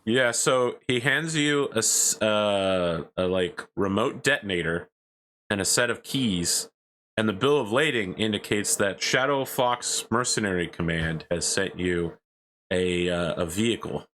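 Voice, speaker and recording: A man running a tabletop game who describes scenes casually. His voice is low-pitched yet bright. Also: lively intonation, measured pace, slight background noise. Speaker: game master.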